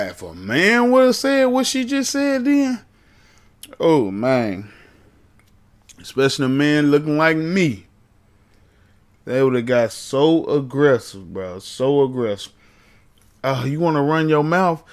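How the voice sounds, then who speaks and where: A man's voice: medium pitch, sing-song, slow pace, long pauses. A man streaming a casual reaction commentary, talking to his chat in blunt slang. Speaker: streamer reacting to arrest videos.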